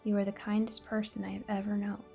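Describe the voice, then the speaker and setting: A lonely masked phantom from a children's storybook, growling and tearful, as a woman reads him aloud. Soft music plays faintly underneath. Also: medium pitch, completely flat delivery, fast talker, vocal fry, close to an everyday voice. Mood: sorrowful. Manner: growling, sobbing. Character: masked lonely man, snarling then sorrowful.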